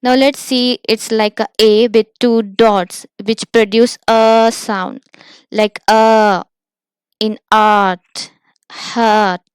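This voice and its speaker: A woman's voice: on the high side, steady tone, slow pace, smooth, dry recording. A woman teaching pronunciation, patiently repeating example words one by one. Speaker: English teacher. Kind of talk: pronunciation lesson.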